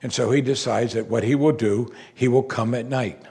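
A man preaching a sermon, animated and rhetorical, repeating lines and exclaiming for emphasis. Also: mid-range voice, normal speed, creaky, husky.

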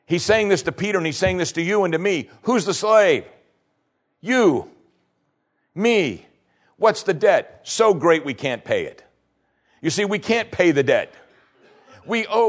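A man delivering a sermon as pastor. His voice climbs high on emphatic questions and drops low when he explains, with a middle-pitched, preacherly cadence.

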